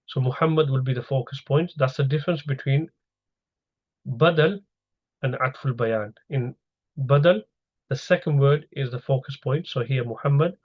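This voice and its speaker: Male teacher, mid-pitched, patient slide-by-slide explainer; slightly dull recording. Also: moderate pace. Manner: patient, explains step by step with questions to students. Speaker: Arabic grammar teacher. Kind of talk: online lecture over slides.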